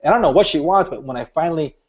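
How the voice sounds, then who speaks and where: A man's voice: a little high, lively intonation, fast. A middle-aged man, an author and speaker, telling stories earnestly in an interview, with many restarts. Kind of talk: interview, storytelling. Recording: dull lo-fi audio.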